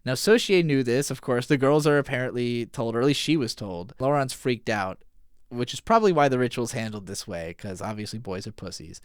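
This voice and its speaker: Man, smooth clear voice, dry close sound, casual anime recap, loose and a bit profane. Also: medium pitch, expressive, no echo. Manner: casual, profane, retells scenes with quick paraphrased dialogue. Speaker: anime podcast host. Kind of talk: casual episode recap and analysis.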